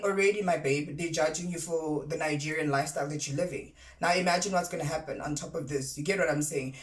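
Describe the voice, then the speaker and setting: A South African commentary vlogger talks in a chatty, sassy way, firing rhetorical questions at her audience. Her pitch is mid-range, and the recording has a roomy echo.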